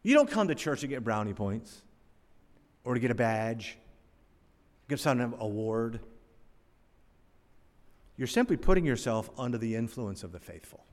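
A man's voice: mid-range voice, very animated, unhurried, long pauses. Preaching man in his sixties, echoing hall. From North Carolina, USA. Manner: storytelling preacher, emphatic rises and drops in loudness. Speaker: pastor. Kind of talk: sermon. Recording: long hall reverb.

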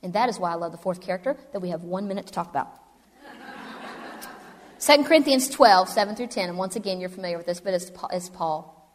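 A woman preaching a sermon to a women's gathering, animated and emphatic, swinging between loud and soft delivery. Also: fairly low pitch, fast talker. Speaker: speaker at a women's event. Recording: long hall reverb.

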